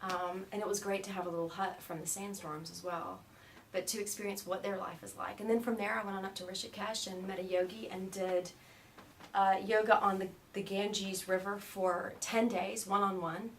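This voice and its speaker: American woman, interview guest, animated storyteller who laughs easily and imitates voices. Middle pitch, mic a bit distant, faint noise behind. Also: normal speed.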